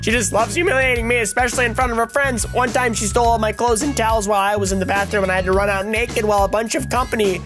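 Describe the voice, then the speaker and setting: A man's voice: high-pitched, fairly even intonation, racing, hardly any pauses, over music, pitched above the performer's own voice, lightly acted. Scheming young sister, as a man reads her lines. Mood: aggrieved. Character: scheming young woman, the bullied sister plotting a prank.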